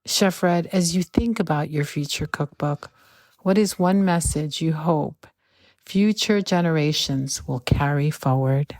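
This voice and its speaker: A woman hosting an interview, measured and reflective as she reads out her closing thoughts. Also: sits low, darkish tone, dry recording, studio quality. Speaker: podcast host.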